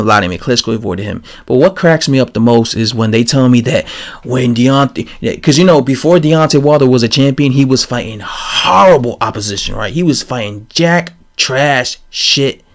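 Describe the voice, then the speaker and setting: A man giving a casual, rambling opinion rant on his channel, animated and full of fillers and restarts. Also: medium pitch. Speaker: boxing commentator vlogger.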